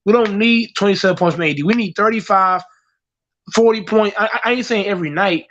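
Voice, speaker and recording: A man's voice: high-pitched, a little fast, fairly bright tone, muffled recording, slight background noise. A man giving heated, profane sports opinions on a talk show, emphatic and repetitive.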